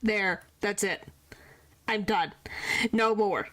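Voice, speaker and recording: A woman streamer chats with her viewers at a relaxed, unhurried pace, her pitch sitting in an ordinary middle range. She talks casually and teases them with mock complaints. Music plays clearly in the background. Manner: chatty, playfully complaining to chat. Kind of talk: casual live-stream chat.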